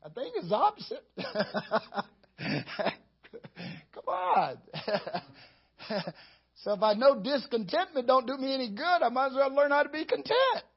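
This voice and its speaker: A man preaching a lively sermon as pastor, chuckling and acting out how he talks to himself. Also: very high voice, creaky, slightly rough, muffled recording.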